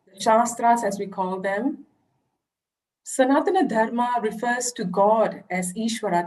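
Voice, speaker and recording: A woman's voice: on the high side, a little mellow, low-quality recording. A woman giving an earnest, explanatory online lecture over a video call. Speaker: religious education presenter.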